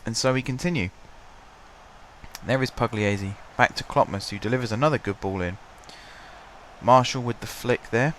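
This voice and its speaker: A man casually commentating his own football management game, his voice stuffy and blocked up, chatty and self-mocking, clearing his throat now and then. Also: mid-range voice, normal speed, long pauses, slight background noise. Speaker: gaming commentator. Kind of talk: casual let's-play commentary.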